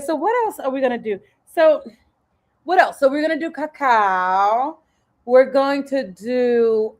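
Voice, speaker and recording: A woman's voice: a little high, darkish tone, highs cut off. Chatty middle-aged woman host. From Haiti. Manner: chatty, folksy, uses y'all. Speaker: retreat host. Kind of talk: casual livestream chat.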